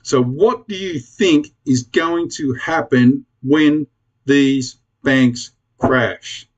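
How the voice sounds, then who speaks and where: A man's voice: mid-range voice, very slow, lo-fi sound. An Australian man ranting bluntly to camera in a casual vlog, swearing freely and pleading with his viewers. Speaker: prepper vlogger.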